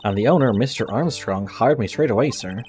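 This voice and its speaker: An earnest young former policewoman with bad luck, as a man reads her lines aloud. She is sincere and self-pitying but polite, and she tacks "sir" onto her sentences. Soft music plays faintly under the game dialogue. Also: mid-range voice, lively intonation, a little fast, natural voice. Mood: cheerful. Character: unlucky cheerful young woman, a fired ex-policewoman.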